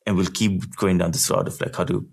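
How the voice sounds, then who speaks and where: Deep gravelly guy on a tech podcast, explaining stuff casually, lots of "like". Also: flat delivery, a little fast. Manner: explains in loose run-on sentences with frequent "like". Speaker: podcast guest, engineering executive.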